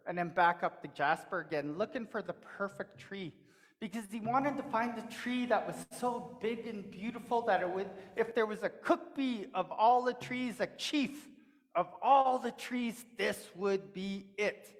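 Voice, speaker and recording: A woman tells a traditional story in a church service, in a measured, rhythmic cadence full of repetition and pauses. Her mid-pitched voice rings with a long hall echo. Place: church sanctuary.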